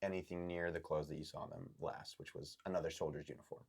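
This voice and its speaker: Very deep-voiced, halting male game master. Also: steady tone, vocal fry, a little mellow, husky. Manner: halting, full of ums and likes. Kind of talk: narrating a tabletop game.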